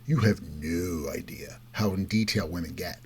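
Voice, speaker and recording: A man with a low, darkish, slightly rough voice speaks at normal speed as host of a political commentary show. His monologue is opinionated and emphatic, and he mocks people by quoting them in a raised voice.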